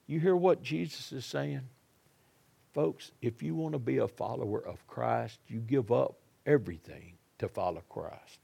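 A man's voice: medium pitch, unhurried, creaky, mellow, breathy edge. A man preaching a sermon in a folksy, dramatic way, acting out the people in the story.

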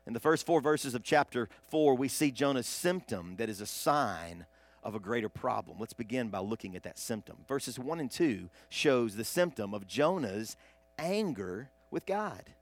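A man preaching a sermon, swinging from hushed asides to loud, emphatic bursts. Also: mid-range voice, expressive, moderate pace, no echo. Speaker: pastor.

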